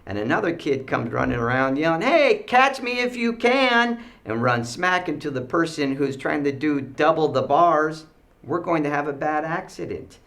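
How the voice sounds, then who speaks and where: A man teaching students school rules with animated storytelling, acting out the kids' voices. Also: a little high, moderate pace, gravelly.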